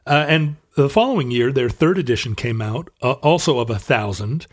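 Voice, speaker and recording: A man of middle pitch talks through a story in easygoing podcast chat. He explains at a loose, hesitant pace, restarting sentences and leaning on fillers. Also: animated, moderate pace. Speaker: podcast co-host. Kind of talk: casual chat.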